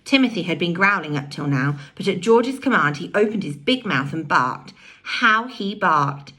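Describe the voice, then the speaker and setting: Breathy, expressive woman reading a story. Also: lowish voice, moderate pace. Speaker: audiobook reader. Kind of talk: reading a children's novel aloud.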